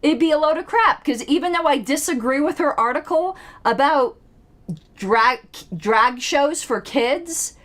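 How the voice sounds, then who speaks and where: A woman with a fairly high voice delivers political commentary in a video blog. Her pitch leaps all over the place as she pokes fun with sarcastic rhetorical questions. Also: a little slow. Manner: animated, with sudden pitch jumps.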